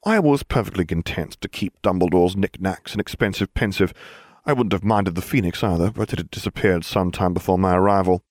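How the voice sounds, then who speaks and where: A man's voice: low voice, brisk, darkish tone, no echo. A man narrating a story in a dry, wry manner for an audiobook.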